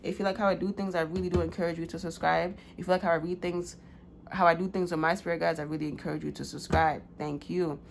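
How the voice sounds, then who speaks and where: A woman's voice: fairly low pitch, flat delivery, fast, gravelly, a little hiss or hum. A woman giving a casual pick-a-card tarot reading, loose and slangy with many fillers.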